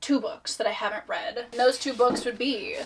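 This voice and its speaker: A woman's voice: fairly high pitch, fairly even intonation, normal speed, slight background noise. A young woman talking casually on her book vlog, chatty and rambling, with a lot of "like" and "um" and self-deprecating asides. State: out of breath. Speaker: book vlogger.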